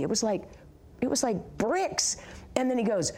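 A woman telling her faith testimony in an animated, sarcastic storytelling manner, laughing as she goes. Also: fairly high pitch, normal speed. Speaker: guest sharing a testimony.

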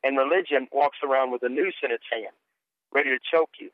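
On a radio interview, a guest minister and author in middle age shares his testimony with earnest feeling, stammering whenever he restarts. He talks a little fast in a mid-range voice; the phone line is dry and tinny, lacking room sound.

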